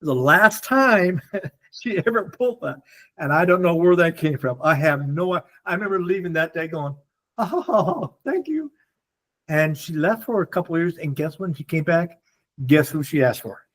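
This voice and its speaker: Speaking to a support group at normal speed, an older man with a fairly high voice tells stories animatedly. He acts out the voices of the people in them.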